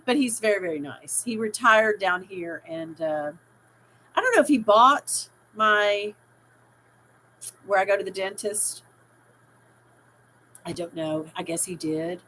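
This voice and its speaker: A woman's voice: mid-range voice, lively intonation, measured pace, sharp tone, rough recording. A middle-aged woman hosting a casual live stream, rambling and reading out viewers' chat comments with easy laughter. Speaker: livestream host.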